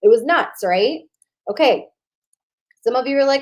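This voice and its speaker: A woman coaching online marketers in a live-streamed workshop, chatty and animated, speaking straight to her viewers and muttering to herself while she fixes her slides. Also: high-pitched, moderate pace.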